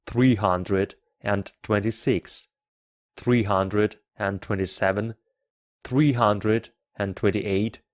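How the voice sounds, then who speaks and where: A man teaching English by reading a children's book aloud, carefully and deliberately. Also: lowish voice, no room sound, studio quality. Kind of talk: slow read-aloud for learners.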